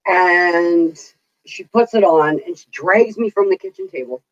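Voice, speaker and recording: A woman's voice: lowish voice, a little slow, highs cut off. A middle-aged woman telling stories in casual chat, chatty, laughing often and swearing casually. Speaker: vlogger.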